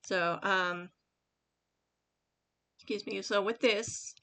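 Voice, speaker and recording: A woman hosts her own channel, sharing casual writing advice in a screen-share tutorial; her voice is medium-pitched, steady, slow, and a bit bright. She rambles with frequent fillers and restarts and reads aloud from a sample paragraph she wrote.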